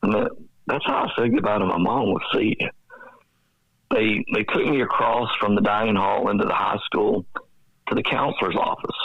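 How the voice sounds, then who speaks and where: Low gravelly Texan man telling his story. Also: brisk, no echo, lo-fi sound. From Dallas, Texas. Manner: earnest, reflective storyteller who acts out past dialogue. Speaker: guest, nonprofit executive director. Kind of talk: personal storytelling in a podcast interview.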